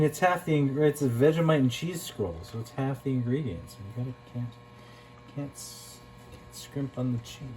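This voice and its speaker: A man's voice: medium pitch, slight background noise. A man co-hosting a cooking show, trading goofy, teasing banter with his partner. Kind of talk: casual cooking chat.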